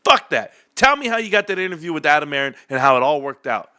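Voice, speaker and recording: Sarcastic bright-voiced man ranting. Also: fairly high pitch, very animated, quick pace, no room sound, studio quality. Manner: sarcastic, profane, mocking. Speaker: stock market commentator. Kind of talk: casual ranting commentary.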